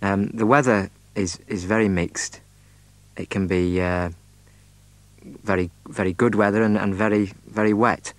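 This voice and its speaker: A man describing his home county, hesitant and measured, with many ums and uhs. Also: fairly low pitch, fairly even intonation, dry recording. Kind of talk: unscripted spoken description.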